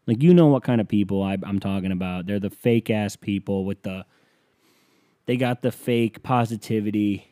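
Male comic, deep mellow voice, foul-mouthed sarcastic rambling delivery. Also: normal speed, no echo, clean studio sound. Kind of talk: rambling comedic rant.

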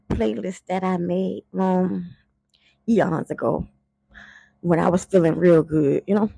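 Low gravelly woman, blunt and slow. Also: no echo. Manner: blunt and profane, heated and animated when worked up. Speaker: podcast host. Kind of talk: casual spoken monologue.

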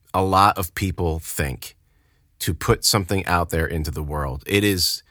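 A man with a very low, deep voice talks in a relaxed, emphatic way as a podcast co-host. His sentences often circle back and restart. The sound is close and dry. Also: no echo. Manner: conversational, emphatic, restarts phrases. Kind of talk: casual chat.

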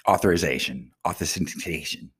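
A man's voice: low voice, normal speed, a bit bright, breathy edge. A man ranting furiously to his viewers in a casual vlog, swearing nonstop and flaring into angry outbursts. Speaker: vlogger.

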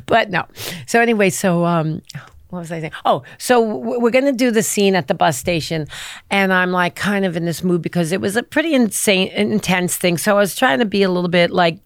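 A middle-aged actress, a guest on a chat show, telling stories in a lively, casual way and acting out the voices of the people she quotes. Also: mid-range voice, fairly quick, no room sound. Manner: animated, acts out quoted voices.

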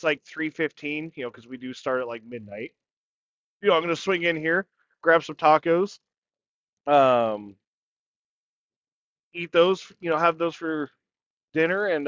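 Male podcast co-host, sharp bright voice, crude jokey banter, dry lo-fi sound. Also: fairly high pitch, a little slow, long pauses, no room sound. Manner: swears constantly, loud and jokey. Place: truck cab in a parking lot.

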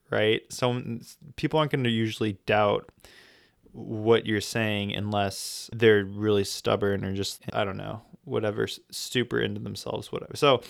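A young American man rambles through a casual travel vlog, joking and restarting his sentences. His voice sits low and comes across smooth and clear. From United States. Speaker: travel vlogger.

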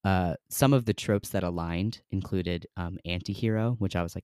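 A man's voice: deep voice, normal speed, darkish tone, smooth, dry recording, studio quality. A young man hosting a podcast in a casual, rambling way, full of "um" and "like". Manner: chatty, rambling, many fillers. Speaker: podcast host.

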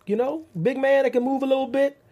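A man's voice: extremely high pitch, steady tone, quick pace, dark tone, lo-fi sound. A man co-hosting a wrestling after-show in casual chat, enthusiastic and slangy, laughing often. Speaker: co-host.

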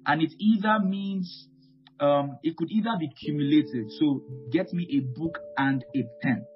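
A man with a fairly high voice delivers a Bible teaching sermon. He leans hard on key phrases, repeats them, and punctuates with amen. The recording is dull and lo-fi, with guitar music clearly audible behind him. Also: moderate pace. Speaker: pastor.

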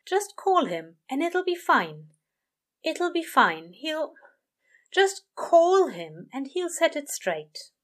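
Woman doing a fussy high-pitched angel guy, flustered, soft and doting, storybook reading. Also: big pitch swings, slow pace, exaggerated voice. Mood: anxious. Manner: flustered, high and breathy, eager to reassure.

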